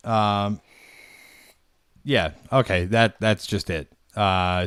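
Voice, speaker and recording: A man's voice: on the low side, fairly even intonation, very slow, pauses often, fairly bright tone, smooth. A man hosting a casual livestream, offhand and trailing off into mumbles. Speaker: streamer host.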